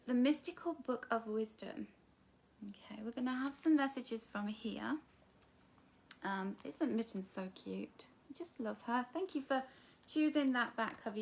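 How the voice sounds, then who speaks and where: Middle-aged Englishwoman, live-stream host, affectionate and chatty, slightly high voice. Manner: warm, affectionate, calls viewers darling and my love. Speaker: author hosting a live book launch. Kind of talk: live-stream chat reading viewer comments.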